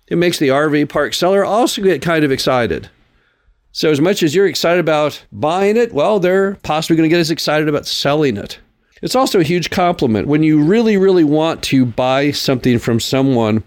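A man hosting a solo podcast, explaining his points in an earnest, patient way and often repeating words for emphasis. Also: fairly high pitch. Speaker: podcast host.

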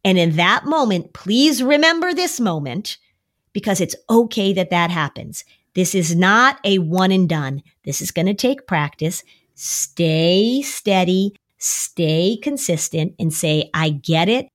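Animated woman therapist on a podcast. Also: takes it slowly. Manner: animated, acts out worried kids in a high voice. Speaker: anxiety therapist and podcast co-host. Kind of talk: podcast conversation.

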